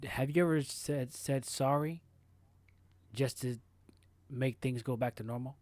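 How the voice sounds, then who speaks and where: Measured male co-host, dry close sound. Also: mid-range voice, darkish tone, no echo. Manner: measured, questioning, clears throat often. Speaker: podcast co-host. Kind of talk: casual chat.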